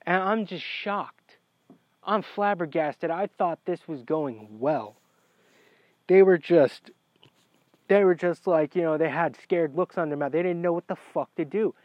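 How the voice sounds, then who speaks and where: Profane rambling man, slightly high voice. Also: no room sound. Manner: profane, rambling, gets heated. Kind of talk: casual storytelling. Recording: dry, dull lo-fi recording.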